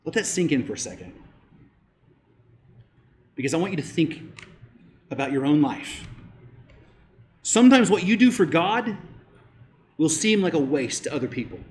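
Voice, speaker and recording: A man preaches as pastor in a sing-song, slightly mellow voice. His delivery is emphatic, rising on important points and falling low and slow to press them home.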